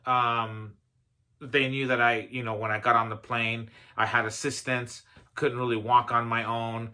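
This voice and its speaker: Man, motivational speaker, storytelling talk, conversational, fillers, self-deprecating humor, bright voice. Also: mid-range voice.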